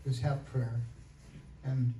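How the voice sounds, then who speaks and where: A man telling a personal story to a church group in a relaxed, plain-spoken way. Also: medium pitch, slow pace. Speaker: guest sharing a testimony. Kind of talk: casual storytelling testimony. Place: church hall. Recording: roomy hall, mic far off, faint noise.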